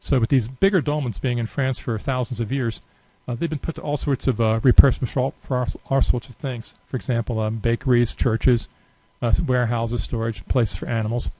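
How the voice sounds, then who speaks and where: A man giving a relaxed, unscripted screen-recorded software tutorial, thinking aloud with many fillers. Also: medium pitch, brisk, hardly any pauses, no echo, poor audio. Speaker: software demonstrator.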